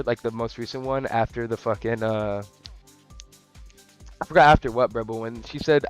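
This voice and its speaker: A young man casually rambling through an anime review, slangy, profane and excitable. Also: medium pitch, moderate pace, smooth, faint music behind. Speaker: anime vlogger.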